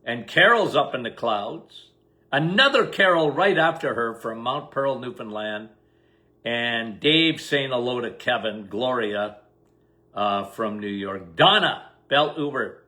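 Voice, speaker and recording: A man's voice: mid-range voice, animated, sharp tone. An older man hosting a casual live-stream, greeting viewers by name and answering questions in a chatty way. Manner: chatty, reads viewer names quickly, laughs at himself. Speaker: host.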